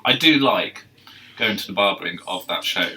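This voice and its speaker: Man, casual podcast co-host, low voice, off-mic, dry teasing. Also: animated, moderate pace, pushed and bright, far from the mic. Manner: wry, teasing interjections. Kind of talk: casual chat.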